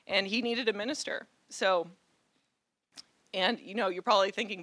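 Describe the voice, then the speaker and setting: A woman's voice: mid-range voice, normal speed, a bit bright, dry recording. A mother giving an earnest, conversational sermon with dry humor. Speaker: guest speaker.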